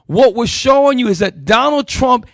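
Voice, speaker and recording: A man leading a Bible teaching sermon, calling out verses and swinging between loud emphatic bursts and low asides. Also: animated, normal speed, dry recording. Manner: calls out verses and directs helpers.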